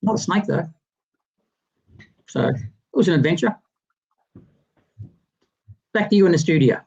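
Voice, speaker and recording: A man's voice: a little high, a little slow, creaky. Rambling man on a muffled call. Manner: rambling, animated anecdote teller with many restarts. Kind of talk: casual storytelling on a livestream chat.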